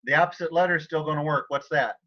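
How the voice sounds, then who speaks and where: A man teaching a Spanish class online, talking informally and often clearing his throat. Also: on the high side, fairly even intonation, fast talker, muffled recording.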